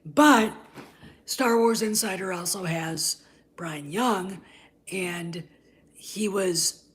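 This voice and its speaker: Lady vlogger on a heated rant, kinda low voice, keeps going "okay?" and half-whispering. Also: drawn-out words. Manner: heated and scornful, repeats "okay?", drops into breathy asides. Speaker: channel host. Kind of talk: ranting commentary vlog.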